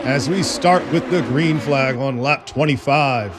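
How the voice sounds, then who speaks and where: A man's voice: mid-range voice, measured pace. A man doing sim racing play-by-play commentary with jokey, sarcastic asides. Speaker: race commentator. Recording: loud race engine noise. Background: race car engine noise.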